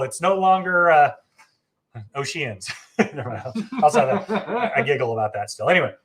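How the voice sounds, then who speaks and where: A fairly high-voiced man talks through a travel live stream in a loose, enthusiastic way. He is chatty and often restarts his sentences and fills pauses with ums and uhs. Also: animated. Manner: chatty, enthusiastic, frequent fillers and self-corrections. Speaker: travel agency host. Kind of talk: casual live stream walkthrough.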